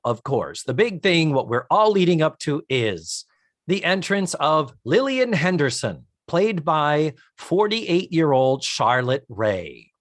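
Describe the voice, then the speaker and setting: A fairly high-pitched American man co-hosts a podcast, recorded at studio quality with no room sound. He chats casually and excitedly, recapping a TV episode with lots of animated detail.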